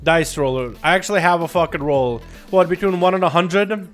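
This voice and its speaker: A man's voice: on the high side, brisk, fairly bright tone, faint music behind. A young man hosting a casual gaming livestream, rowdy and profane as he greets his chat. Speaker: livestream host.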